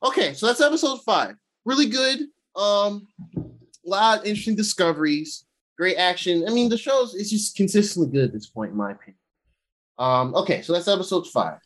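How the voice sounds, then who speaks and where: A male podcast co-host recaps an episode on a casual chat show, switching between his own voice and quick acted-out paraphrases of the characters. He's excitable and profane, with animated swings in pitch.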